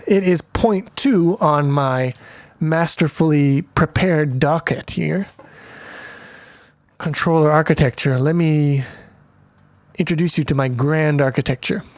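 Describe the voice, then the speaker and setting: A man's voice: on the high side, dry recording. A man giving a casual programming walkthrough, thinking aloud with many fillers, swearing and making crude jokes as he goes. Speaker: programming tutor. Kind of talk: casual screencast code walkthrough.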